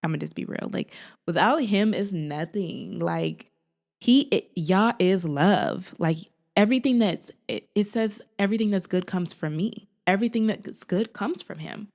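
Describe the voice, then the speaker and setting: A woman talking to camera in a casual, encouraging vlog, animated and sassy, like a big sister, often breaking into laughs. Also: medium pitch, moderate pace, vocal fry. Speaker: faith and lifestyle vlogger.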